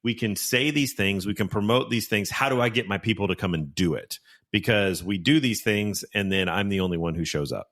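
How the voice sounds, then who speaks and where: Very deep-voiced earnest podcast host. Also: male voice, fairly quick, fairly bright tone. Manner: earnest, giving practical advice. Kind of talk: casual podcast conversation.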